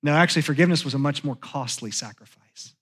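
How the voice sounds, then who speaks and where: A man with a high voice preaches a sermon in a church. He talks in a conversational way and sinks to a hushed tone when he voices confessions. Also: fast, breathy edge. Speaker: pastor. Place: church sanctuary.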